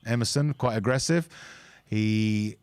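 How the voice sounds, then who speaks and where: A man's voice: fairly low pitch, unhurried, darkish tone, clean tone, no room sound. Chatty man commenting on a live match. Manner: chatty, opinionated analysis. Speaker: fan channel co-host.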